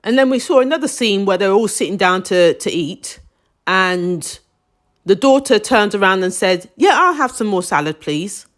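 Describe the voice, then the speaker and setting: A woman's voice: medium pitch, animated, normal speed. A woman giving a casual, opinionated review of a TV drama, with emphatic, indignant asides.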